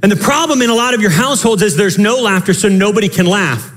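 High-voiced impassioned male pastor. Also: lively intonation. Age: young adult to middle-aged, father of children. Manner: impassioned preaching with sudden shouts and quick asides. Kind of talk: sermon.

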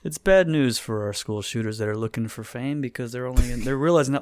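A man's voice: medium pitch, quick pace, few pauses, a little mellow, no room sound. An American man co-hosting a podcast, chatting casually and joking sarcastically while reading posts aloud. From United States. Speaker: podcast co-host.

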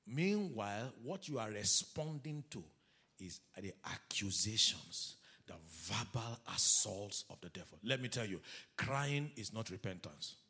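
A man preaching a sermon as pastor, animated, calling the congregation to read scripture aloud with him. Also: on the low side, measured pace, breathy edge.

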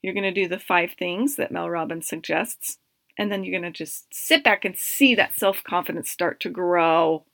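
A woman's voice: medium pitch, moderate pace, creaky, bright, forceful tone, dry recording, soft background music. A woman in her thirties, a coach hosting her podcast, who talks upbeat and encouraging straight to her listeners. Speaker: podcast host, life coach. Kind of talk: motivational solo podcast talk.

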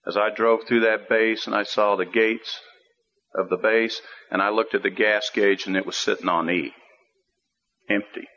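A man preaching a storytelling sermon in a folksy, conversational way, with emphatic swings from quiet asides to ringing exhortations. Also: on the low side. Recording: dull lo-fi radio broadcast.

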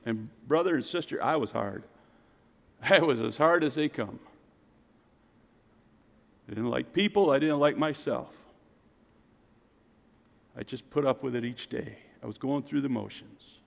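A man preaching a sermon as pastor, swinging from loud exclamations to quiet, intense passages. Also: mid-range voice, measured pace, gravelly, pauses often. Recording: long reverb of a church hall.

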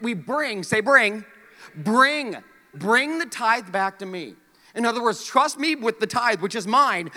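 A man preaching a sermon, animated, dropping to quiet asides and then rising to near shouts. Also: a little high. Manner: animated, swings from hushed to shouting. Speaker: pastor. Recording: long hall reverb.

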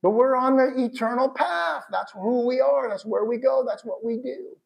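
A man preaching a sermon in a conversational, animated way, with bursts of shouted emphasis. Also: very high-pitched, normal speed, creaky. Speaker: pastor.

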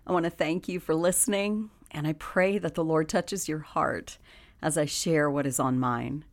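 Woman doing a devotional podcast, kinda low voice, earnest and upbeat, laughs a lot. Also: normal speed. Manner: earnest and encouraging, laughs often. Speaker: podcast host giving a devotional.

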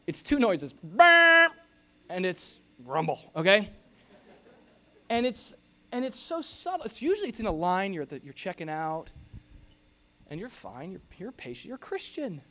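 A middle-aged pastor preaching a sermon in an animated, jokey way, acting out grumbling noises. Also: male voice, high-pitched, normal speed, long pauses.

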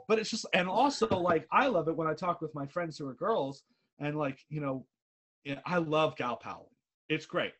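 A young adult man chatting as a podcast guest, candid and swearing freely, often trailing off quietly. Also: a little high, moderate pace. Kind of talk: casual chat.

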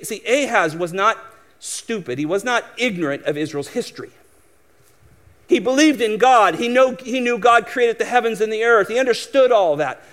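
High-voiced man preaching with emphatic swings. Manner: emphatic, shifts between loud exhortation and quiet asides; acts out quoted voices of doubters in a mocking tone. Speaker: pastor. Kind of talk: sermon.

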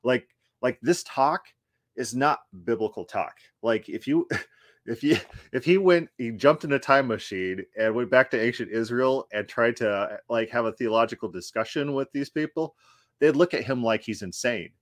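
A man's voice: medium pitch, moderate pace, no echo, studio quality. A man hosting a casual commentary, talking loosely with restarts as he critiques a clip. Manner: conversational, restarts, laughs while critiquing. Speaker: host.

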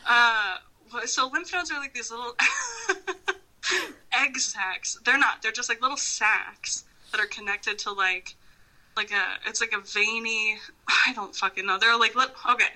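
A woman's voice: a little high, measured pace, sharp tone, poor audio. A woman guest chatting casually on a podcast, swearing often and breaking into laughs as she rambles. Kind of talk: casual phone chat.

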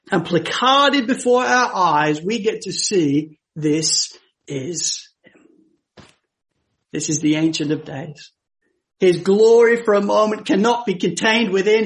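High-voiced male preacher, dramatic delivery. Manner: dramatic, swings from hushed to emphatic when quoting scripture. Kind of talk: sermon.

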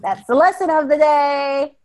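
A woman's voice: high-pitched, measured pace, darkish tone. A tired woman co-hosting a podcast in casual chat, easygoing and playful. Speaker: podcast co-host.

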